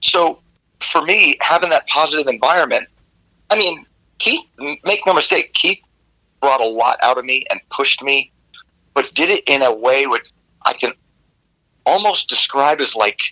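A rock singer in an interview, telling rambling, animated stories with many restarts. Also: male voice, mid-range voice, normal speed, long pauses, poor audio. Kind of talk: casual interview storytelling.

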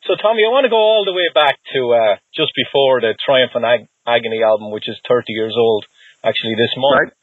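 Husky-voiced man interviewing over a phone line. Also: medium pitch, a little fast. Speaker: interview host. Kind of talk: casual interview.

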